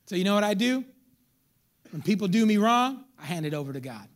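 With a high-pitched voice and a fairly quick delivery, a pastor gives an energetic sermon. He plays to the church crowd, joking around and acting out his listeners.

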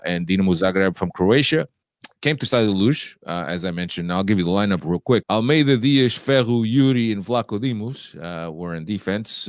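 A man in his forties, hoarse from a cold, hosting a casual sports podcast with lots of halting fillers. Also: fairly low pitch, no echo, studio quality. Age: 40s. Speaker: podcast host.

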